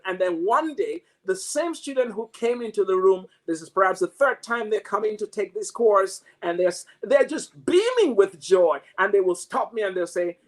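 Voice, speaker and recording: A man's voice: high voice, expressive, normal speed. A man who teaches mathematics, giving a reflective, story-driven motivational talk with frequent restarts. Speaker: mathematics professor.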